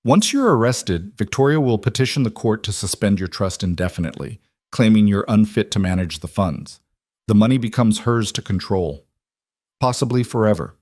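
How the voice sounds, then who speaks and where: A controlled mafia boss speaks in a calm, matter-of-fact voice that sits low, played by a male narrator. He stays conversational and almost gentle. The sound is close and dry. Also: moderate pace, no echo. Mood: cold.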